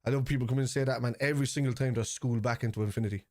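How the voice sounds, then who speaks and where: Excitable man with a Cork accent. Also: medium pitch, rapid-fire, no echo, clean studio sound. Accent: Cork Irish. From Ireland. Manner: excitable, shouts at the referee and players. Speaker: football watchalong streamer. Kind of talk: live match reaction chat.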